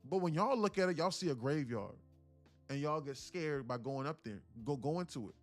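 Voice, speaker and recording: A man's voice: moderate pace, faint music behind. A man hosting a day-trading livestream, talking casually with slang and acting out little scenes, then dropping to a mutter over the chart. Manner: animated, acts out little scenes with voices, slangy; drops to a low mutter when reading the chart.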